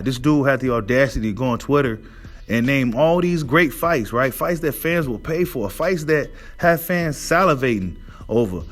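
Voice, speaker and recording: A man hosting a boxing monologue, ranting in a heated, profane way and asking his audience "right?" again and again. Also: fairly high pitch. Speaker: boxing commentary host. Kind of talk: casual rant monologue.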